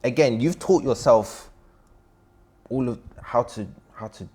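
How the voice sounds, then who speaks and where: A man's voice: mid-range voice, a little slow, dark tone, slightly rough. A man hosting an interview show, encouraging and playful with his guest. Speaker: host. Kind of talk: casual interview chat.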